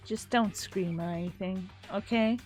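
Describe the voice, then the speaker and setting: A woman voicing a cool, guarded teenage girl detective, speaking low, quiet and measured. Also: soft background music, lightly acted. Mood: cautious. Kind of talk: dramatic reading of game dialogue.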